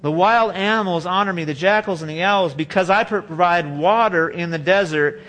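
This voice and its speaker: A man's voice: high voice, normal speed, fairly bright tone. A man preaching a sermon, reading scripture and speaking emphatically in a conversational way. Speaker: pastor.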